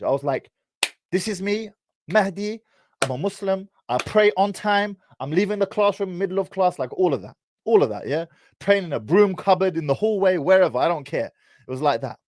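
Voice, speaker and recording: Animated British man, slangy storyteller. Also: mid-range voice, dry recording. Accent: British, English. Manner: animated, teasing, heavy on slang. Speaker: vlogger. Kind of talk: casual storytelling monologue.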